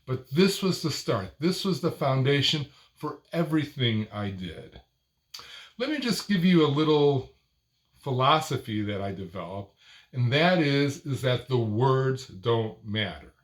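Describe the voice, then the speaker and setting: Slow, deliberate older man coaching. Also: medium pitch. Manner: speaks in short deliberate phrases, stressing a word near each phrase end; expressive, sing-song phrasing. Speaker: speaking coach. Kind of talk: instructional talk to camera.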